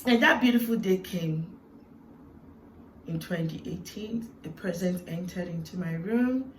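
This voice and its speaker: A woman's voice: on the low side, measured pace. Woman vlogger, heartfelt storytelling, reflective with emotional peaks; roomy, distant mic sound with faint background hiss. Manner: earnest and reflective, with emotional swells and hushed moments. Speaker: vlogger sharing a personal testimony.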